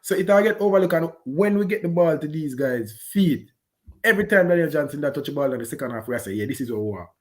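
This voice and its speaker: A man with a Jamaican accent giving an animated, patois-heavy post-match reaction on a football game. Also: a little high, quick pace. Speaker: football fan pundit.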